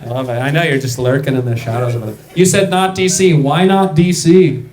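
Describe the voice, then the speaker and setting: A man's voice: a little high, a little fast, a little mellow. Young male comedian, loose chatty crowd work, reverberant room. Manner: loose, chatty, laughing through punchlines. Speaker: stand-up comedian. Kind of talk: stand-up set with crowd work. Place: comedy club stage.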